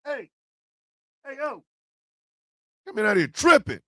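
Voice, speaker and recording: A man hosting a casual morning show, loud and profane, often shouting and laughing as he talks. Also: high-pitched, wildly swooping pitch, unhurried, no room sound, studio quality. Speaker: host of a morning stream show.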